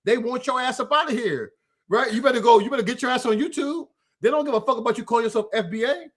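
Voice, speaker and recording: An American man hosts a political livestream, speaking in a very high voice at a fast clip with a fairly bright tone. He delivers a heated, profane rant, calling out an absent rival by name and addressing him directly.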